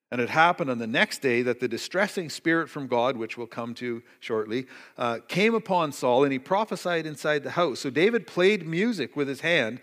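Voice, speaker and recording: A middle-aged male pastor preaching a morning sermon, telling a story with lively asides and occasional jokes. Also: a little high. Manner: storytelling, animated, jokey asides. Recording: reverberant hall.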